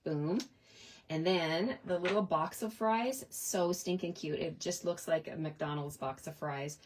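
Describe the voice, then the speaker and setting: A middle-aged woman makes cards at her desk in a chatty tutorial, describing her stamping steps and repeatedly asking "right?". She speaks in a lowish voice at a measured pace, with slight background noise present.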